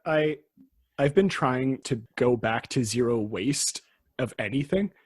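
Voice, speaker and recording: A man's voice: mid-range voice, lively intonation, measured pace, breathy edge, no echo. A man hosting a casual history podcast, explaining in a chatty way that often trails off mid-sentence. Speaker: podcast host.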